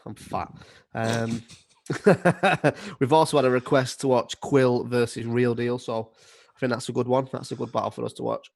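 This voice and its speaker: A man's voice: mid-range voice, fairly even intonation, moderate pace, gravelly, no room sound, studio quality. A man co-hosting a casual livestream, joking and self-mocking as he chats to viewers. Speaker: co-host.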